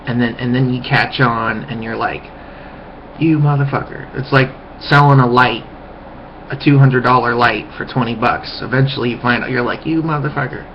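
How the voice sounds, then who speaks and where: A man's voice: medium pitch, little pitch movement, moderate pace, a little hiss or hum. A man in a heated, profane ranting monologue, recorded on a webcam microphone. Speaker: vlogger. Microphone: webcam mic. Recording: muffled lo-fi webcam audio.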